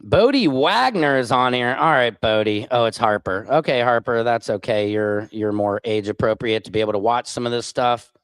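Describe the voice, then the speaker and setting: Profane American male stream host, lively swooping delivery, heated political rant, reads chat aloud. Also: mid-range voice, clear, resonant tone, no echo. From United States. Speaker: livestream host.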